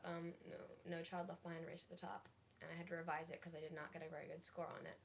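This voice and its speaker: Creaky, low-voiced young woman ranting. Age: 20s. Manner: chatty, many likes and restarts. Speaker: college student vlogger. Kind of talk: casual rant to camera.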